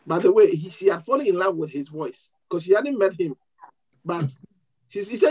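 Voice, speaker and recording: A man preaching to a congregation. He tells a story in an animated way, often restarting his words and laughing as he goes. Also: sits high, moderate pace, pauses often, a little hiss or hum, poor audio. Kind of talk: sermon storytelling.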